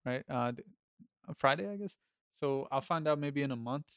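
A man's voice: mid-range voice, expressive, moderate pace, fairly bright tone, clean tone, dry recording, studio quality. A man co-hosting a podcast, casually telling a story from his life. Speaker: podcast co-host.

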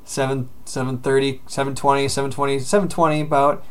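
A man's voice: mid-range voice, level tone, a little fast, smooth. A man in his thirties chatting casually as a co-host, swearing often and telling exasperated stories. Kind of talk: casual chat.

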